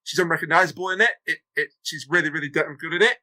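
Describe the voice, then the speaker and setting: Earnest man co-host, high, bright voice, firm opinions. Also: very fast, poor audio. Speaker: podcast co-host. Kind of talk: casual chat.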